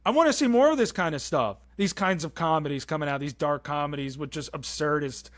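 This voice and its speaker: A young man co-hosting a film podcast, excitedly swearing and acting out movie lines in casual chat. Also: a little high, fairly quick. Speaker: podcast co-host.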